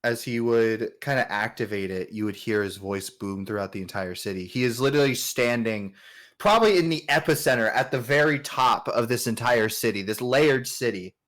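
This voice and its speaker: A man narrating as game master of a tabletop game, in a relaxed, filler-heavy way. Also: medium pitch, moderate pace.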